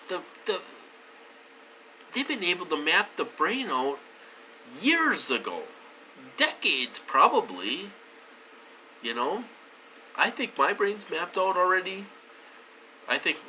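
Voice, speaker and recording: Rambling man with a bright edge. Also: a little hiss or hum, poor audio. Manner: rambling and repetitive, with many fillers; swings between loud emphatic stretches and low mutters. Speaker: vlogger. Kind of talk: casual monologue to viewers.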